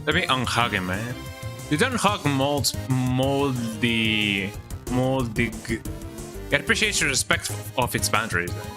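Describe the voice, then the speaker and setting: A man's voice: medium pitch, animated, unhurried. A man streaming a video game in casual commentary, playful, tagging many lines with "eh?" and "man". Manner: playful, tacks on "eh?" and "man" often. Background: game music.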